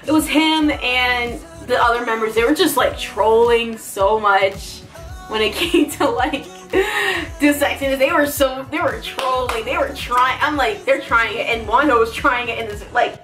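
A woman's voice: on the high side, measured pace, fairly bright tone, faint music behind. A woman vlogger giving a giddy, gushing reaction commentary, laughing often and crying out.

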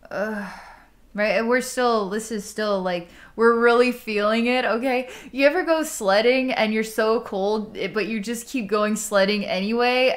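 A woman psychic healer talks a client through an energy healing session in a loose, chatty way. Her speech is full of "like", with laughs and sighs in between. Her voice sits at an ordinary middle pitch. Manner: casual and chatty, heavy use of "like", frequent laughs and sighs.

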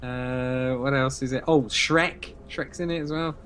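A man's voice: mid-range voice, fairly even intonation, a little slow, a bit bright. A man co-hosting a fan podcast, chatting enthusiastically, repeating himself with plenty of fillers. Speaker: podcast co-host. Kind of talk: casual podcast chat.

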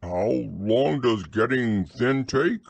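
A man voicing a gentle, gloomy male teddy bear in a storybook reading, husky and anxious, with slow, sniffling talk. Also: low-pitched, huge pitch swings, no room sound, muffled recording, full character voice.

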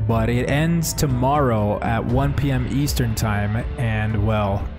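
A man's voice: mid-range voice, takes it slowly, over music. A man streaming a video game live, talking casually and enthusiastically to his chat from home. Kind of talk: live gameplay commentary.

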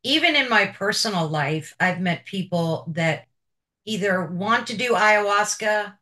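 A woman's voice: mid-range voice, expressive, measured pace, bright, forceful tone. A woman hosting an interview show, asking her guest questions in a chatty, personal way. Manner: chatty, personal, with filler repeats. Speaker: podcast host.

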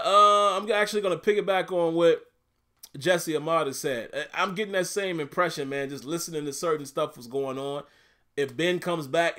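A man's voice: on the high side, fairly bright tone. A man with a Southern US accent hosting a casual livestream, reading viewer comments aloud in a laid-back, chatty way and laughing often. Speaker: YouTube livestream host.

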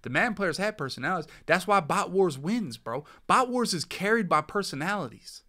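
A young man talking casually on his podcast, cracking jokes and trash-talking. His voice sits a little high and sounds bright and forceful. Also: expressive, brisk. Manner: loose, joking trash talk. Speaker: podcast host. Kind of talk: casual chat while streaming.

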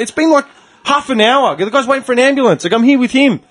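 A man's voice: extremely high pitch, rapid-fire. A man, hosting a podcast and telling a heated story in casual chat, swearing freely and acting out what people said. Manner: animated, profane ranting storyteller, acts out quotes. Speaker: podcast host.

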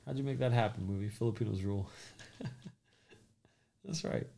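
A man's voice: lowish voice, normal speed, creaky, mellow. A man hosting a crypto livestream in a casual chat, loosely joking and greeting commenters by name.

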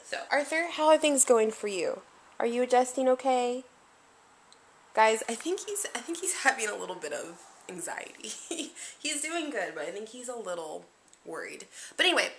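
Young woman vlogger, chatty and giggly, slightly high voice, filming herself at home. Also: slight background noise. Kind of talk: casual vlog chat. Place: apartment indoors.

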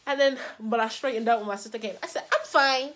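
Young woman, storytime vlog, casual slangy talk, animated, acts out quotes, fairly high voice. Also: fast talker. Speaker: vlogger.

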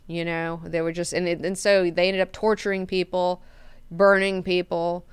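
A woman's voice: fairly low pitch, level tone, moderate pace, clean tone, no echo. A woman hosting a book club, recapping chapters in a chatty way, full of fillers and casual swearing.

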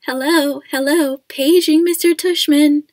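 Casting: female reader as a dad's squeaky put-on old-lady voice, very high and loud. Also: fairly even intonation, a little slow, dry recording. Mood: mocking. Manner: squeaky and mock-formal. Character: shrill old lady voice, put on by a joking dad.

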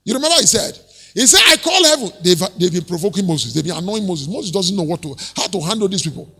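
A male pastor preaching a sermon, rising to shouted peaks and dropping low again. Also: very animated, fast talker, gravelly, slightly rough, big-room sound. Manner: preaching with shouted peaks and sudden drops to near-whisper.

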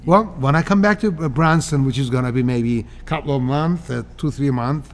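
A man in his sixties from Cyprus, telling stories as a guest in a casual interview, animated and laughing often. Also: medium pitch, brisk. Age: 60s.

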